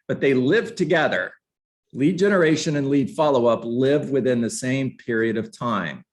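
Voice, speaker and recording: A man's voice: mid-range voice, moderate pace. A man coaching real estate agents in a live online class, talking energetically and conversationally and putting questions to his students. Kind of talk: live online training session.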